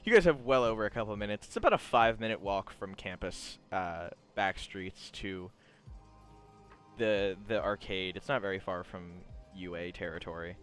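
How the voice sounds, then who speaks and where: A man's voice: low voice, normal speed, a bit bright, faint music behind. A young man narrating casually as game master, loose and rambling with frequent laughs.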